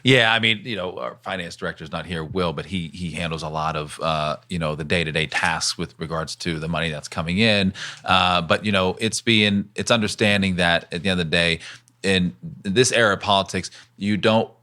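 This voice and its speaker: Earnest male political guest, low voice, podcast interview. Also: normal speed, bright, forceful tone. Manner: earnest, campaign-style talk. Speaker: congressional candidate, guest.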